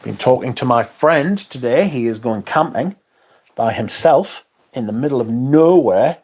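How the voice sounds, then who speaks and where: A man's voice: mid-range voice, lively intonation, a little slow, darkish tone, breathy edge. A man hosting a livestream, chatting casually, reading out comments and swearing in exasperated asides. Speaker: livestream host.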